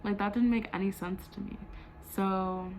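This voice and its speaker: A woman's voice: medium pitch, fairly even intonation, moderate pace, slight background noise, rough recording. A young adult woman telling a storytime vlog in a heated, profane way, full of "like" fillers. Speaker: vlogger.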